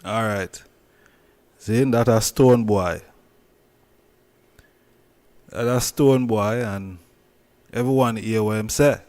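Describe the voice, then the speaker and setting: A man's voice: fairly low pitch, a little mellow. A man with a Jamaican accent hosting a casual commentary vlog, repeating himself and stressing his points. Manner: repetitive, emphatic, drawn-out phrasing. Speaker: channel host.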